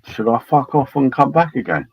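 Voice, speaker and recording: A man's voice: medium pitch, sing-song, moderate pace, vocal fry, highs cut off, noisy background. A man calling into a stream on his laptop mic, cheeky and teasing, calling everyone mate. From London. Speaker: caller on a stream. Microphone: laptop held in front of face.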